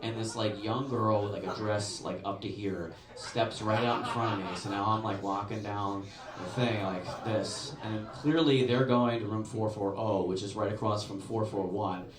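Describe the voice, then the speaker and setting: A man's voice: lowish voice, normal speed, hardly any pauses. A man in his forties doing a stand-up set in a comedy club, telling stories animatedly and acting out the voices. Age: 40s. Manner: animated storytelling with acted-out voices. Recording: echoey club from far off with crowd.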